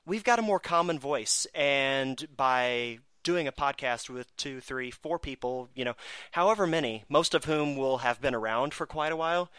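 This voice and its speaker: Man, podcast host, snarky, self-mocking, bright voice, dry sound. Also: mid-range voice, normal speed, hardly any pauses, clear, resonant tone, dry recording. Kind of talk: casual podcast chat.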